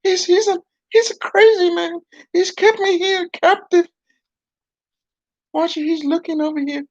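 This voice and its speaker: A man's voice: very high voice, fairly even intonation, measured pace, voice pushed up. A man voicing a whiny, melodramatic young girl puppet who wails and complains, on a dull, dry lo-fi recording. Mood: distressed.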